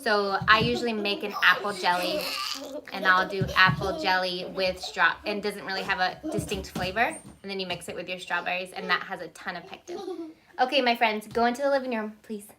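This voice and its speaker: Over crowd noise, a woman in her thirties talks fairly quickly at a medium pitch and with fairly even intonation. She's running a chatty baking livestream on her phone from a small home kitchen, saying hello to viewers by name and pausing to give orders to her kids.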